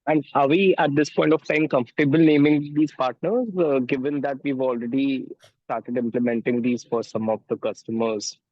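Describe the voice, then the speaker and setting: A man's voice: mid-range voice, fairly even intonation, normal speed, no room sound, muffled recording. A man asking a follow-up question on an investor call, courteous and direct.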